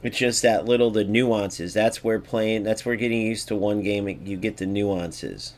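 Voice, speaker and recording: A man's voice: lowish voice, steady tone, normal speed, a little mellow. A man hosting a gaming video, giving casual gameplay commentary in a blunt, sarcastic way and talking straight to his viewers.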